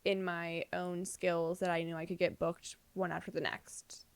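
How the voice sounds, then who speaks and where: A woman's voice: lowish voice, little pitch movement, a little slow, clean tone, no room sound. A young woman co-hosting a podcast in casual chat, rambling with lots of fillers and restarts. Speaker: podcast co-host.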